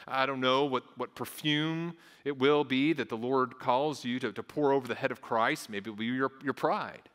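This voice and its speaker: Man, pastor, earnest sermon, stumbles over repeated words, bright tone, echoing hall. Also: medium pitch, moderate pace, hardly any pauses. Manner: earnest, repeats words, acts out voices of onlookers.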